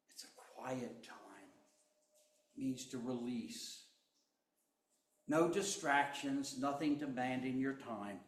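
A man preaching a sermon, slow and deliberate, swinging between loud emphasis and hushed tones. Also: mid-range voice, reverberant. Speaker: pastor.

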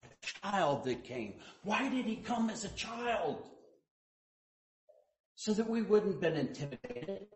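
A man preaching a sermon as pastor, telling stories and quoting people in hushed voices, then rising to loud emphasis. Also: high-pitched, sing-song, a little slow, a little hiss or hum. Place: church sanctuary. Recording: echoey church room.

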